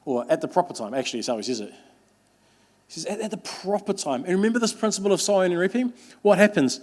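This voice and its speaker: High-pitched earnest male preacher. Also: expressive, fast, a little mellow. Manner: earnest, emphatic preaching with repetition and restarts. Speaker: pastor. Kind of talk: sermon.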